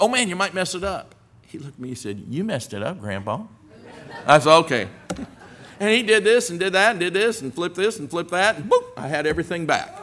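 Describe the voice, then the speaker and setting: An older male preacher delivers his sermon in a folksy, storytelling way. His voice is fairly high and bright, with a lively, swooping delivery that climbs into forceful emphasis.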